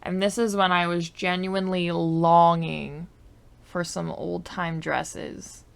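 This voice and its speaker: Speaking slowly in a low, creaky voice with flat delivery, this gaming YouTuber gives rambling, casual commentary on her game. She fills it with likes and I don't knows, at times dropping into quiet muttered asides at her desk mic.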